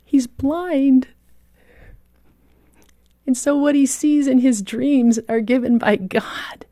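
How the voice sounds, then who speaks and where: A woman guest author telling a moving story in a radio interview, vivid and heartfelt, dropping to a hush at key moments. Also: sits high, steady tone, takes it slowly, no room sound, studio quality.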